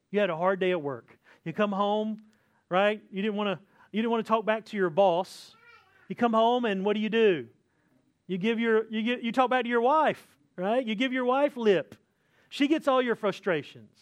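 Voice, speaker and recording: A man with a high voice preaches a sermon from the pulpit. His talk is conversational, and he keeps checking in with his listeners by asking "right?" as he goes. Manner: acts out complaining voices with sighs. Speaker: pastor.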